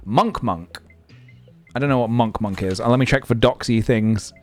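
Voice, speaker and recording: A man's voice: medium pitch, a little fast, faint music behind. A young man live-streaming, chatting casually and thinking aloud with lots of fillers as he goes.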